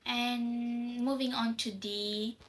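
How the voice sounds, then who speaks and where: A young woman presents to her class. Her voice sits a little high, and she speaks slowly. She explains carefully and sometimes pauses to find the next word. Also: flat delivery, slight background noise, low-quality recording. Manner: explanatory, searching for words. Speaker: university student presenter.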